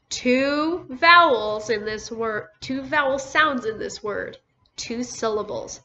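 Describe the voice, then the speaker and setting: Brief: woman teacher for small kids, bright higher voice, patient syllable-by-syllable phonics delivery. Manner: slow, sounds out words syllable by syllable. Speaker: first grade teacher. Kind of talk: recorded phonics lesson for young children. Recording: dull lo-fi recording with faint noise.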